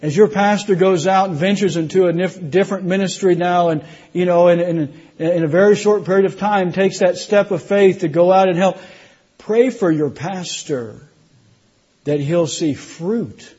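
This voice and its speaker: A man's voice: high voice, normal speed, darkish tone, breathy edge, dull audio. A middle-aged man preaching from the pulpit, telling his conversion story with restarts and rising emphasis. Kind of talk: sermon testimony.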